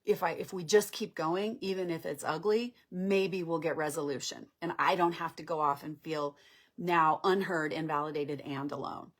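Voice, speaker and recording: A woman's voice: low-pitched, steady tone, moderate pace. A woman acting out an upset girlfriend who pleads and protests to be heard. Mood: pleading.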